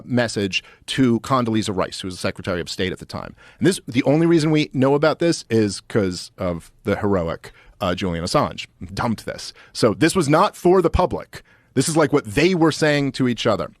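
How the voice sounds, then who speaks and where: A man talking as a guest on a show in a casual, animated way, with many fillers and restarts. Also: mid-range voice, no room sound, studio quality. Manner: fast, animated and full of fillers. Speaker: podcast guest. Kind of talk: casual political talk.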